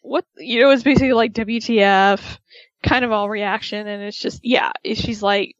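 A woman's voice: mid-range voice, normal speed, no echo. A woman co-hosting a radio podcast, recapping a reality show in casual chat and acting out the people she quotes. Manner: animated, acts out quoted voices. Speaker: podcast co-host. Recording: dull lo-fi dry sound.

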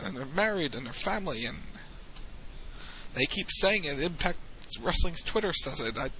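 Another wrestling recap comes from a podcast co-host who rambles and restarts as he goes. He sounds a little high, expressive, bright and forceful at normal speed, with a dull lo-fi sound, faint ambience, and slight hiss or hum.

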